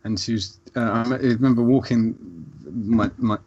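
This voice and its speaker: A man's voice: medium pitch, normal speed, slightly rough, lo-fi sound. A man hosting a podcast, telling rambling stories with lots of restarts. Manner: animated storyteller, rambling restarts. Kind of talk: casual chat.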